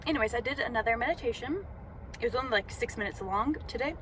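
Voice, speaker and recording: कार में बैठी, बिखरी-बिखरी बात करती युवती. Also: female voice, on the high side, fast talker, fairly bright tone, a little hiss or hum. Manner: rambling, self-conscious, many fillers. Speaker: vlogger. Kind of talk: casual vlog monologue. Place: inside a parked car.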